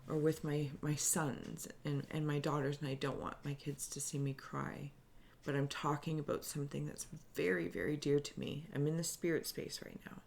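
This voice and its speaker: A woman giving a spiritual reading, speaking softly and earnestly in halting, searching phrases that she often restarts. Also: deep voice, little pitch movement, gravelly. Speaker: spiritual reader. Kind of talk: improvised intuitive reading to camera.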